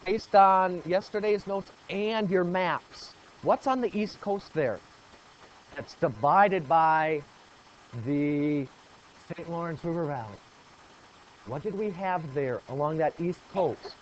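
Lively high-voiced male teacher. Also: slow pace, a little hiss or hum. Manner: asks the class questions and praises answers; lively, repeats key points. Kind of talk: classroom geography lesson. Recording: dull lo-fi classroom recording.

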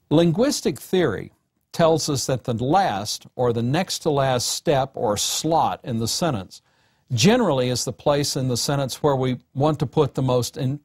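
A man giving a recorded lecture on writing, speaking in a measured, deliberate way and slowing down to read example sentences. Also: medium pitch, dry recording, clean studio sound.

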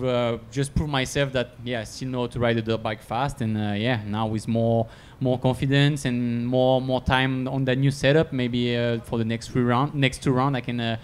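A man, a racer answering at a post-race press conference, speaking haltingly with many filler sounds. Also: medium pitch, slight background noise.

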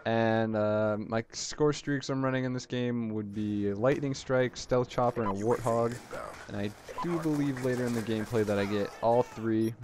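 A man giving casual, rambling gameplay commentary, excitably retelling his moments in the match. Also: medium pitch, normal speed, few pauses. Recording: noisy game audio underneath. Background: game sound effects.

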